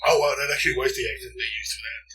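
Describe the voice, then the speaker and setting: Husky-voiced man, rambling podcast chat. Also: a little high, very fast, rough recording. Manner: energetic, rambling, acts out lines in silly accents. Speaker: podcast co-host. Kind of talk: casual chat.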